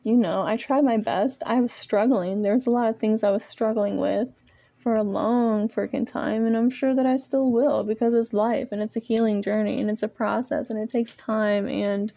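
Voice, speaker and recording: A woman rambles through a frustrated, swear-heavy vent to her phone camera, breaking into self-mocking laughs. Her voice sits a little high but sounds mellow and soft-edged. It is a casual home recording made on a propped-up phone. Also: steady tone, normal speed, gravelly. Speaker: vlogger. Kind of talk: casual venting monologue. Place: indoors at home among art supplies. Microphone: phone propped nearby.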